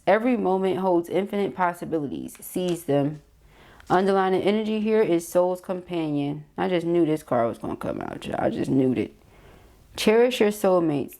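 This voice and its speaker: A woman's voice: fairly low pitch, warm tone. A woman giving a casual tarot reading, reading card affirmations aloud and chatting with viewers. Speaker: tarot reader.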